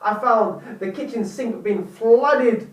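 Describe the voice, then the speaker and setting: A young man vlogging, telling a story to his viewers in a dramatic, animated way. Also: very high-pitched, slow, roomy sound, far from the mic, poor audio. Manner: animated, dramatic retelling with repeated "lo and behold". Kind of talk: casual storytelling to camera.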